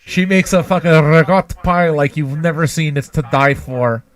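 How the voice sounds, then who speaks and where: A man's voice: fairly high pitch, moderate pace, close to an everyday voice. A man putting on a gushing party-planning neighbor.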